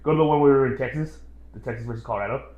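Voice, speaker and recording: Brief: young male podcast co-host, rapid talker, animated, echoey room. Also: mid-range voice, muffled recording. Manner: animated storyteller, acts out quotes loudly. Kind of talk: casual chat.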